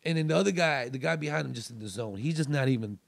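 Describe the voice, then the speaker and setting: A man's voice: mid-range voice, expressive, fast, gravelly, no room sound. A male comedian guest on a podcast telling a story in a loose, rambling way with many restarts. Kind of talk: casual storytelling.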